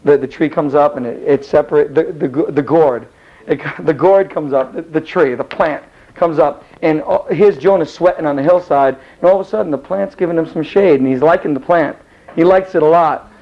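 Rambling, animated male Bible teacher. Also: fairly high pitch, normal speed. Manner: rambling, animated, acts out the characters. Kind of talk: casual Bible class storytelling. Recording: dull lo-fi recording.

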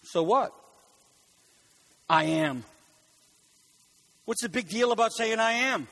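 A man preaching a sermon in an animated way, rising to shouts on key words and making quick asides to his congregation. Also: high voice, creaky. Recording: long hall reverb.

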